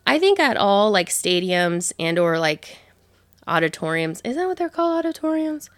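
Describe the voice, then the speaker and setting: A woman's voice: mid-range voice, sing-song, moderate pace, dry recording. A woman in her thirties telling a rambling, casual story, swearing freely and filling with "like". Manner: rambling, profane, many fillers.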